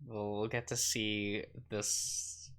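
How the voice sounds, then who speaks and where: A man's voice: on the low side, little pitch movement, takes it slowly, a bit bright, clear, resonant tone. A man hosting a game playthrough, reading the narration aloud and joking with a co-player. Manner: laughs often, joking. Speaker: let's play host. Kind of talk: reading a visual novel aloud with chat.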